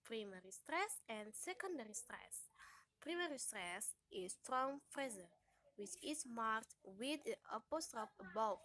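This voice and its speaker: A woman's voice: fairly high pitch, lively intonation, measured pace, fairly bright tone, poor audio. A young woman, a student whose first language is Indonesian, reading out a class explanation of speech sounds, carefully repeating each example sound and word. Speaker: student presenting a class assignment. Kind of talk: slow read-aloud explanation.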